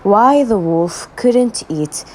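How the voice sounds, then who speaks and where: A woman whose first language is Arabic, reading a children's story aloud for an English lesson and repeating each vocabulary word twice, slowly and clearly. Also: medium pitch, lively intonation, dark tone. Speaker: English teacher. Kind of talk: slow read-aloud lesson with word drills.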